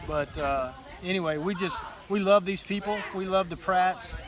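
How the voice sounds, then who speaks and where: A man's voice: high-pitched, normal speed. A man from Mississippi, chatting in a humble, folksy, easygoing way as a guest homesteader. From Mississippi, USA. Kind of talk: casual interview. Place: outdoors at a crowded gathering. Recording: crowd chatter in the background.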